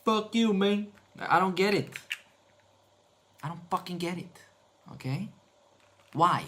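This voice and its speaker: A man's voice: fairly high pitch, unhurried, fairly bright tone. A man talking to himself while editing video, muttering and swearing in exasperation. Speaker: video editor streaming his work.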